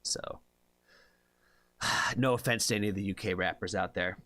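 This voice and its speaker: Male reaction streamer from the US, slightly low, punchy tone, dry close sound, rambling chatty delivery. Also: normal speed, sharp tone, no echo. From United States. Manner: rambling, filler-heavy, chatty with viewers. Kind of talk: casual live-stream chat.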